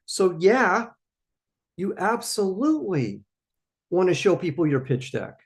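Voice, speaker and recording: A man's voice: sits high, very animated, a little slow. A man hosting a live question-and-answer stream for startup founders, giving emphatic, coaching answers and repeating his key points.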